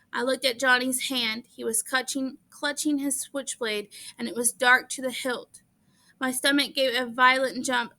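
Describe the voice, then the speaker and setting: A woman reads a novel aloud in first person, earnest and steady with the odd small stumble. Her voice is high and notably bright. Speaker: audiobook reader.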